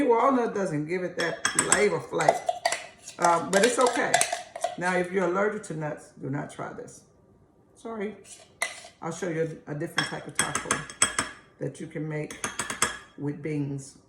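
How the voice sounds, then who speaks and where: A woman's voice: fairly low pitch, moderate pace, creaky, very noisy. A woman hosting a casual home cooking video, chatty and homey, calling her viewers y'all. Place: home kitchen. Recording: echoey kitchen room.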